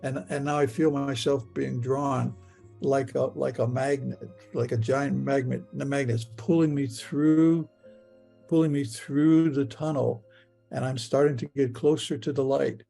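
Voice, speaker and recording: A man retelling a personal experience in the first person and the present tense, halting and stammering as he repeats his words. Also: mid-range voice, fairly even intonation, gravelly, warm tone, faint music behind. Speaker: near-death experience witness.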